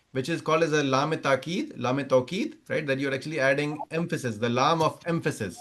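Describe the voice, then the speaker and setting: A male Arabic teacher with a mid-range, slightly bright voice runs a grammar lecture online by video call. His explanation proceeds step by step, with repeated examples and checks on whether students follow.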